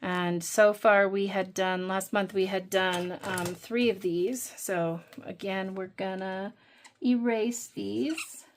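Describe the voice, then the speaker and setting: A woman talks slowly and casually on her budgeting vlog. She thinks aloud and counts under her breath as she works. A faint hiss of noise sits under her voice. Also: medium pitch, steady tone. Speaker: budgeting channel host. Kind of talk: casual chat while doing savings challenges.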